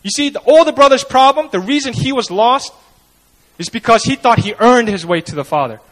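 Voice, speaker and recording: A man's voice: very high-pitched, a little fast, rough recording. A man preaching a sermon in a conversational way, often acting out the people he quotes. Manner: conversational, animated, acts out quoted voices. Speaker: pastor.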